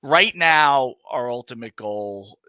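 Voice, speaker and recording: A man's voice: mid-range voice, animated, takes it slowly, sharp tone. A man, co-hosting a wrestling podcast and chatting as a guest in an enthusiastic, rambling, profane way. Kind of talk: casual podcast chat.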